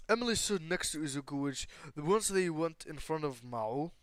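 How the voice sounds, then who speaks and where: A man's voice: a little high, expressive, normal speed, dry recording. Rambling young man telling a fan story. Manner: rambling, many fillers and restarts, swears casually. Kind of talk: improvised fan story narration.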